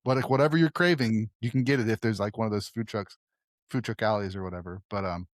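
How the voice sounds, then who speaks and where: A man's voice: lowish voice, fast, no echo, clean studio sound. A man hosting a film podcast, talking casually and rambling, often trailing off and restarting. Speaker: podcast host.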